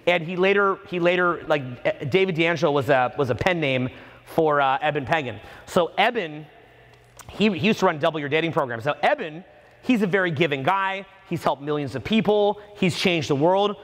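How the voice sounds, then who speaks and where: A man's voice: fairly high pitch, moderate pace. Profane man telling stories at a seminar. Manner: profane, animated, acts out the people in his stories. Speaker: dating coach speaking at a seminar. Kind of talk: live seminar storytelling. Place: seminar hall before a live audience. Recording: long reverb of a seminar hall.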